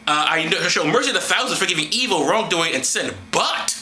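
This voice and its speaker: A man's voice: high-pitched, lively intonation, fairly quick, few pauses, bright, forceful tone, reverberant, a little hiss or hum, rough recording. A man reading scripture aloud and breaking off into mocking, profane, sarcastic asides. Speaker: vlogger.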